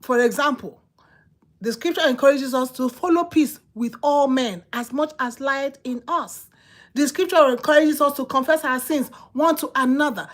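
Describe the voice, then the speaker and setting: A woman with a Nigerian English accent preaching a sermon, emphatic and repetitive, swinging between loud exhortation and quiet asides. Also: high-pitched, moderate pace.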